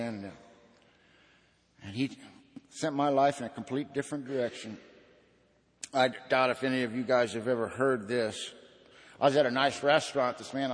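A man's voice: mid-range voice, big-room sound. A man giving an earnest personal testimony at a recovery meeting, in a folksy storytelling manner.

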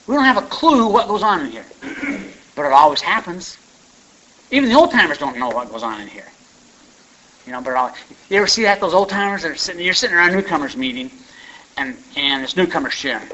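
A man's voice: sits high, sing-song, a little fast, long pauses, pushed and bright, a little hiss or hum. A man speaking at a recovery meeting, sharing his story in a folksy, conversational way with lots of asides to the room. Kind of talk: personal share talk. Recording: muffled lo-fi recording.

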